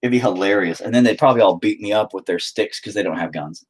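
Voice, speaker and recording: A man's voice: fairly low pitch, fast, slightly rough. A young man hosting a painting stream, rambling and joking crudely while he paints and reads chat aloud. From United States. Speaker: painting livestream host.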